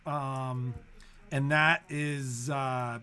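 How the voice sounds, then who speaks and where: Bright-voiced man musing with lots of fillers. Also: mid-range voice, fairly even intonation, very slow. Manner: thoughtful, filler-heavy, musing. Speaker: sewing shop co-host. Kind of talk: casual shop update.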